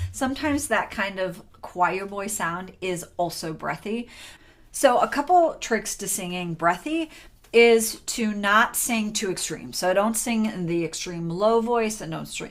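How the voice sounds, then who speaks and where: A young adult woman with a lowish voice teaches a singing lesson in a relaxed, chatty way. Between explanations she sings demonstrations.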